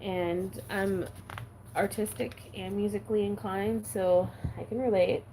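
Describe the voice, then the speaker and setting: A woman's voice: medium pitch, steady tone, measured pace, dark tone, a little hiss or hum, poor audio. A woman vlogger chatting casually while she stamps her planner, giggly and talking with a valley-girl lilt.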